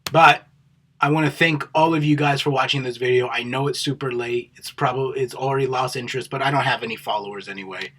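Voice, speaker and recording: A man delivers casual solo vlog commentary in a husky, middle-pitched voice. He rambles from point to point and restarts his sentences. His delivery is opinionated and sprinkled with casual profanity. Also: fast talker, fairly bright tone. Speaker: MMA vlogger.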